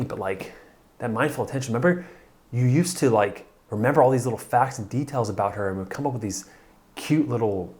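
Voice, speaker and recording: A man's voice: mid-range voice, darkish tone. A man coaching husbands in a blunt, pushy motivational talk, swearing for emphasis. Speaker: marriage coach.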